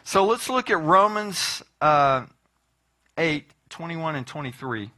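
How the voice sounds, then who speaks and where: A male pastor preaches in a loose, conversational sermon style and often turns to the congregation with asides. His voice sits a little high and sounds bright and forceful. He tells stories in an animated way. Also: takes it slowly.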